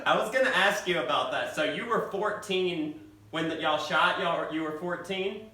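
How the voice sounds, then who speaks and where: A man interviewing a guest in quick, informal speech full of fillers. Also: on the high side, pushed and bright. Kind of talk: casual interview questions. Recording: roomy echo, distant from the mic.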